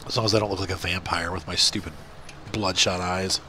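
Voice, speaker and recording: The voice sits low and steady, fairly quick, bright and forceful, with a little hiss or hum in the recording. It belongs to a middle-aged man with a stuffed-up nose, a gaming video host chatting loosely and self-deprecatingly while playing a farming game.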